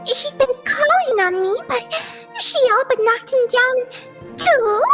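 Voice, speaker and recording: A woman's voice: animated, a bit bright, soft background music, heavily acted. A woman voicing a prim, easily embarrassed young eldest sister with a mock Boston accent, in a comic reading of a radio drama. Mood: wistful. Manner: fussy, scolding, slow and high. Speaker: cast reader.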